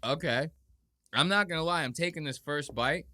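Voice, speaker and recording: A man hosting a podcast, casually mocking a clip with animated commentary and exaggerated impressions. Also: on the high side, normal speed, no echo. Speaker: podcast host.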